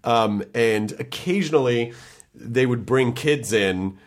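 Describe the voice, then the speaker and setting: A man's voice: medium pitch, takes it slowly. A middle-aged man hosting a podcast, chatting in a friendly, rambling way with many restarts. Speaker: podcast host. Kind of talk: casual chat.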